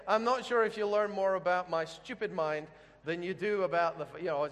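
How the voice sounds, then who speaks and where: A man with a high-pitched voice preaches in a joking, storytelling manner and keeps checking in with his listeners. His voice rings out with a long reverb, as in a large hall. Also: normal speed. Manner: humorous, chatty storytelling with questions to the audience. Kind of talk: sermon.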